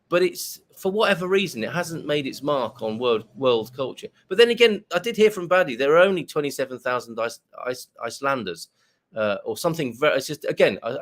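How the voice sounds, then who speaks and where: A man's voice: medium pitch, fairly bright tone. Rambling, jokey man hosting. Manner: jokey, rambling, self-mocking asides. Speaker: host. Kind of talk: live-stream chat, reading viewer comments.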